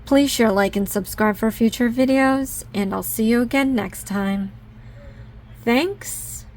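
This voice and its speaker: A woman crafting vlogger talking through a casual unboxing haul, gushing and easily excited over each item. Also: on the high side, takes it slowly.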